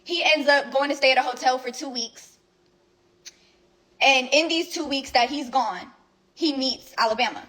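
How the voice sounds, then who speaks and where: High-voiced young woman telling a blunt story. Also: normal speed, pauses often, fairly bright tone, low-quality recording. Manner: blunt, rambling, lots of swearing and fillers. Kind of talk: casual storytelling recap.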